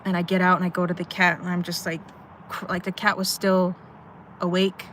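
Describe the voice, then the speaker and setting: A woman's voice: fairly low pitch, completely flat delivery, fairly quick, fairly bright tone, slight background noise. A young woman telling a story to her live chat in a rambling, emotional way, swearing often, from a parked car at night. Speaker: livestreamer.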